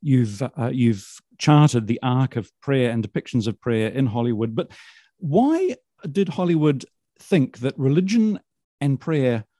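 Brief: male interviewer, mellow mid-range voice, measured curious questions, dry close sound. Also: medium pitch, expressive, no room sound.

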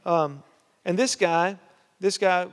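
Guy preaching a sermon story, kinda high voice, chatty with lots of uhs, long church reverb on it. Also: slow. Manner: conversational, lots of "uh" and "you know", grows animated. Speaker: pastor. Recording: reverberant hall sound.

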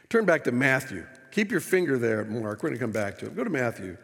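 Gravelly-voiced male pastor preaching in a hall. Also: mid-range voice, quick pace, hardly any pauses. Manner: animated preaching, voice rising and falling, wry asides. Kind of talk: sermon. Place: church sanctuary.

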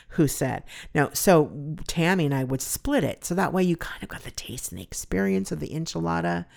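A woman's voice: sits low, lively intonation, moderate pace, gravelly, a little mellow. A middle-aged woman from California hosting a solo podcast, rambling and gushing with emotion about a favorite food. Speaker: podcast host. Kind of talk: casual solo podcast chat.

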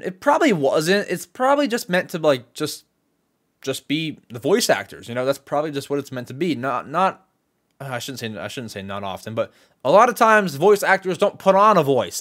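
Young man, podcast host, casual solo chat, rambling, restarts, lively pitch, slightly high voice. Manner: excitable, rambling, many repeated words and restarts.

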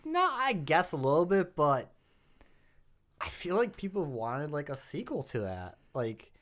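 A man's voice: fairly high pitch, sing-song, a little slow, fairly bright tone. A man co-hosting a casual podcast, leading the topics in a rambling way, full of "like" and "um". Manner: rambling, lots of fillers and like. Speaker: podcast co-host. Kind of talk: casual chat.

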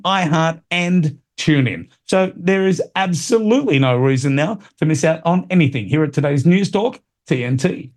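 A man's voice: a little high, darkish tone. Blunt man hosting talk radio. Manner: blunt, opinionated, repeats himself. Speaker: radio talk show host. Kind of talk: casual radio commentary.

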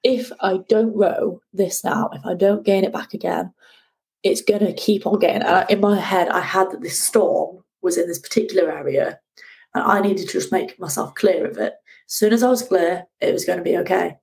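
A woman, a guest telling her ocean rowing story in a lively conversational way. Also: on the low side, normal speed, gravelly, poor audio. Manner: animated, acts out shouting at the sea.

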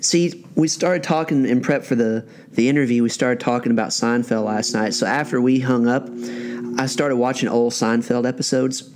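A man hosting a podcast interview, chatting and telling stories in a lively way. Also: mid-range voice, normal speed. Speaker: podcast host. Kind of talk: casual interview chat.

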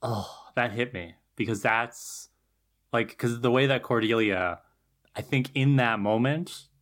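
A man's voice: mid-range voice, a little slow, a bit bright. A man co-hosting a podcast in casual chat, thoughtful and analytical, laughing easily. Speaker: podcast co-host.

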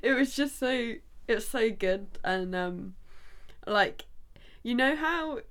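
A woman's voice: on the high side, lively intonation, slow. A woman chatting casually as a podcast co-host, giggly, frank and sweary. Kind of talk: casual chat.

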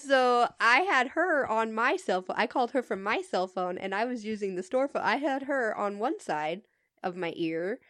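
A woman's voice: fairly high pitch, normal speed, no room sound. A woman co-hosting a casual podcast who tells a story with lots of laughter and swearing. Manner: laughs often, swears freely, animated retelling. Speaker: podcast co-host.

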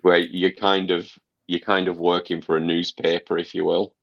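A man's voice: deep voice, level tone, normal speed, creaky, no echo, highs cut off. A man co-hosting a casual gaming podcast, giving long rambling explanations and swearing casually. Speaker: podcast co-host reviewing a game.

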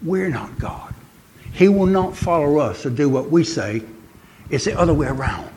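An older man delivers a sermon with earnest conviction. He pauses often and stretches out the words he wants to land. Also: a little high, animated, darkish tone, a little hiss or hum. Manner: earnest, pausing, slows for emphasis. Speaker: preacher.

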